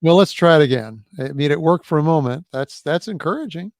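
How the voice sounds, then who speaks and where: A man hosts an online event in an easygoing way and fills the pauses with light chat. His voice is fairly high and lively in pitch, and the sound is dry and close. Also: dry recording. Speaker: event host. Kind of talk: casual hosting chat.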